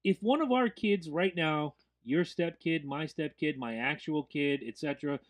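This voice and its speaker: A man hosting a casual podcast, talking in an animated way and swearing freely. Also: a little high, normal speed. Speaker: podcast host.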